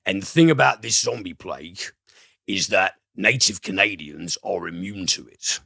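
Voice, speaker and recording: A man reviews films on a casual podcast, rambling and swearing freely. His voice is very low yet bright and forceful. The recording is close and dry. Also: lively intonation, normal speed, vocal fry, dry recording. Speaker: podcast host and film reviewer. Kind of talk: casual film review chat.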